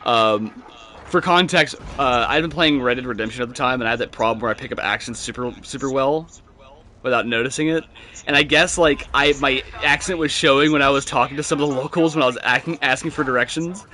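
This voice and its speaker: A man's voice: mid-range voice, a little fast, bright, forceful tone, a little hiss or hum. A young man, telling rambling, profane stories while gaming with friends. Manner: rambling, profane storytelling with laughs. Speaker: gamer chatting with friends. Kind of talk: casual gaming chat.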